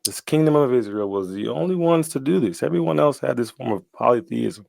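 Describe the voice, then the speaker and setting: A man's voice: mid-range voice, animated, a little fast, creaky, a little mellow, no room sound, clean studio sound. A young man telling his story casually as a guest, slangy and often laughing, with lots of "like" and "bro.".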